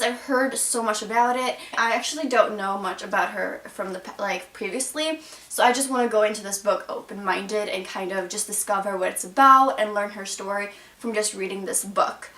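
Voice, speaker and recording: A woman's voice: medium pitch, bright, forceful tone. A young woman chatting casually about the books she plans to read, with lots of "like" fillers. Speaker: book vlogger. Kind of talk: casual book haul chat. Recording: echoey room from far off.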